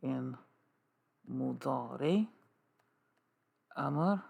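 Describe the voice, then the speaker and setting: A man teaching an Arabic grammar lesson, slow and repetitive, drilling terms with many "okay"s. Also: medium pitch, gravelly, darkish tone, slightly rough. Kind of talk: classroom lesson with writing.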